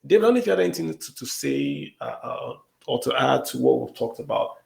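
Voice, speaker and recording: A man's voice: medium pitch, expressive, quick pace, vocal fry, darkish tone. A Nigerian man hosting an online audio discussion, talking emphatically with pleading rhetorical questions and sounding emotional. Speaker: podcast host.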